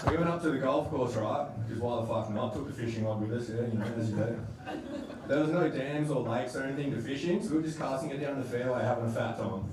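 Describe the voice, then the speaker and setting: A man's voice: mid-range voice, quick pace, a crowd in the background. A man with an Australian accent doing a crude, rambling stand-up set about a night out with his mates. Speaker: stand-up comedian. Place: comedy club stage. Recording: echoey room, distant mic, noisy.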